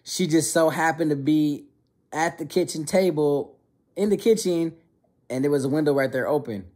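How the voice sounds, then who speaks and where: A young man telling a funny childhood story in an animated, slangy way. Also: fairly high pitch, normal speed. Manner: animated, slangy, many restarts. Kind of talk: casual storytelling.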